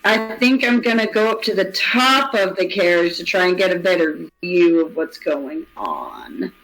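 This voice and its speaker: A man's voice: high voice, sing-song, a little slow, a bit bright, poor audio. A man playing a tabletop game in a chatty, easygoing way. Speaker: player. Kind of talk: casual tabletop game talk.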